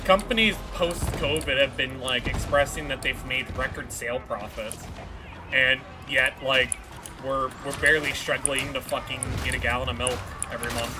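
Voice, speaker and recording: A male streamer talks casually while he plays, wandering from point to point and dropping curses as he goes. His voice sits at an ordinary middle pitch. Game music plays clearly underneath his talk. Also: steady tone, normal speed. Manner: rambling, profane, offhand. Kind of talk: casual chat while gaming.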